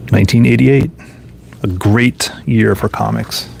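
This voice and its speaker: A man's voice: fairly low pitch, a little slow, vocal fry, darkish tone, a little hiss or hum. A man casually thinking aloud as he flips through and reviews old comic books, offhand and musing. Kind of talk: casual solo commentary.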